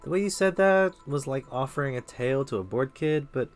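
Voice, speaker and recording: A man's voice: medium pitch, lively intonation, fairly quick, pitched above the performer's own voice, lightly acted. A man reading the lines of a young woman bartender in his own plain, lightly wry voice. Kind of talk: reading game dialogue aloud. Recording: faint music behind.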